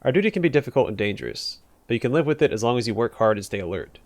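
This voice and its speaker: A man voicing a stern but friendly male militiaman, explaining calmly and firmly. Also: medium pitch, racing.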